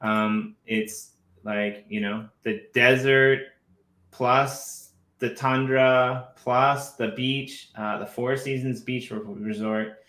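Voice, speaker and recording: A man's voice: mid-range voice, steady tone, takes it slowly, sharp tone. A man co-hosting a casual live stream, rambling and restarting his words as he talks. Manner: rambling, repeats words, laughs often. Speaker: co-host. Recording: echoey room.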